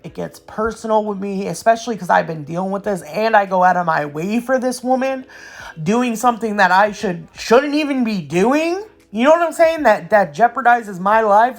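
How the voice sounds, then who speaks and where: A woman's voice: mid-range voice, vocal fry. Chatty young woman, rambling voiceover. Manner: rambling, ranting storyteller who says "y'all" and "yo". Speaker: nail art vlogger.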